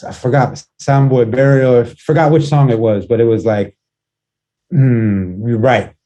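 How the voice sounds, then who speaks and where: A man's voice: mid-range voice, dark tone, low-quality recording. A man being interviewed as a guest musician, telling stories in a laid-back way, swearing freely and often restarting his sentences. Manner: halting, with frequent restarts. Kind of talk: casual interview chat.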